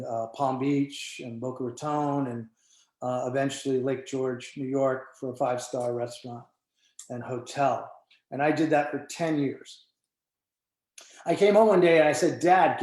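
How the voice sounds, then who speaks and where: An older man in his sixties leads a wine tasting, telling stories with lively energy and acting out the voices of the people he quotes. His voice sits at a middle pitch and carries a roomy echo. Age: 60s. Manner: animated storyteller who acts out quoted dialogue. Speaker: winemaker hosting a tasting.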